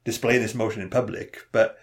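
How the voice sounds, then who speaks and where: Fast-talking man, casual chat. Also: fairly low pitch, a little hiss or hum. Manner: fast, animated storytelling with acted-out quotes and frequent laughs. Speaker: podcast co-host.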